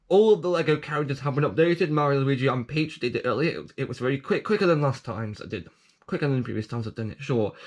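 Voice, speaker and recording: A man getting over a cough, chatting casually in a vlog and rambling with lots of fillers and restarts. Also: mid-range voice. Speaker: vlogger. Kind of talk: casual unboxing chat.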